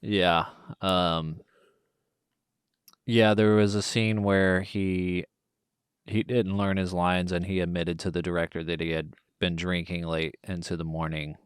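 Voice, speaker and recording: A man co-hosting a podcast who talks about a film in a slow, measured way, with many pauses. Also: deep voice, little pitch movement, smooth, no room sound, clean studio sound. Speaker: podcast co-host. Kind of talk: casual film discussion.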